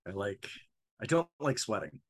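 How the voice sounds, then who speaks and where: A man's voice: fairly low pitch, very animated, moderate pace, husky. A man from Massachusetts, a podcast guest, chatting casually with a joking, good-humored manner. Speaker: guest, marketing manager. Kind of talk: casual chat.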